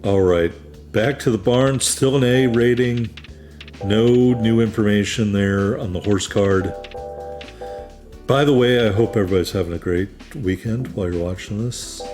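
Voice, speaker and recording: A man from New England talks through a horse racing video game in an easygoing, wry, self-deprecating way. His voice sits somewhat low, and soft game music plays faintly behind him. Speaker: gaming YouTuber. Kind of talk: let's play commentary.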